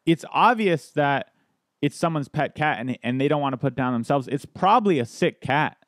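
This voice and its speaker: A man's voice: on the high side, animated, moderate pace, no echo, studio quality. A man, a comedian, telling stories in a casual podcast chat, rambling with restarts and laughs. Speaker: guest comedian.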